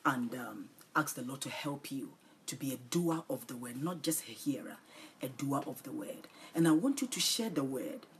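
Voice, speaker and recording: A woman preaching and praying on a livestream, pleading and tender, often repeating short phrases and dropping into soft breathy whispers. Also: extremely low pitch, a little hiss or hum. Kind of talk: livestream sermon and prayer.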